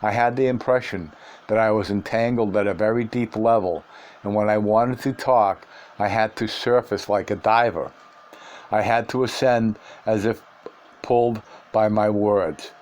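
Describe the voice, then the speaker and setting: A man reading a first-person book aloud in a measured, earnest way. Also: fairly low pitch, fairly even intonation, darkish tone. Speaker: audiobook reader.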